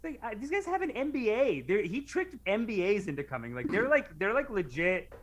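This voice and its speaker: Animated young man in podcast banter. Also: sits high, brisk, highs cut off, a little hiss or hum. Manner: animated, swearing, mimics yelling. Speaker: podcast co-host.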